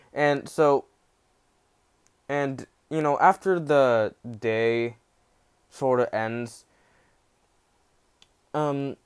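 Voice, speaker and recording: A man's voice: mid-range voice, clean tone. A young man casually retelling a fan-fiction story, rambling with many restarts and acting out the quotes.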